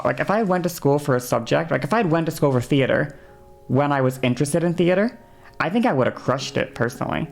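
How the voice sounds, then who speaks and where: Gravelly-voiced young woman ranting heatedly. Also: very deep voice, a little mellow. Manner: heated ranting storyteller, swears, keeps checking in with okay. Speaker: streamer. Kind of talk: casual stream chat.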